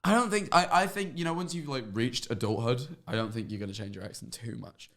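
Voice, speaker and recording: A man with an English accent, from the north of England, chatting as a guest in a rambling, halting way. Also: medium pitch, fairly bright tone. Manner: rambling, halting, self-correcting. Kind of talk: casual stream chat.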